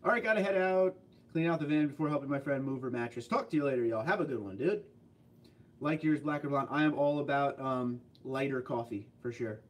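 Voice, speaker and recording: A man's voice: medium pitch, recorded from a distance. Chatty guy, set back from the mic. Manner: chatty, rambling storyteller with quick asides. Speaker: livestream host reading viewer chat. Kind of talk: casual livestream chat.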